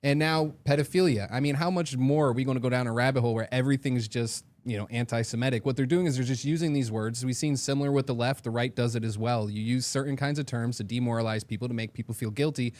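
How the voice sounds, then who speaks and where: A fed-up man on a political panel rattles through his complaints at a fast clip. His voice is recorded dry and close. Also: medium pitch, fairly even intonation, darkish tone, no room sound. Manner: fed-up, listing grievances.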